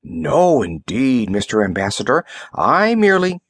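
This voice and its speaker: A man's voice: medium pitch, huge pitch swings, unhurried, husky, no room sound, heavily acted. A man voicing a nervous, fawning male junior diplomat in an audiobook, eager to please and flustered.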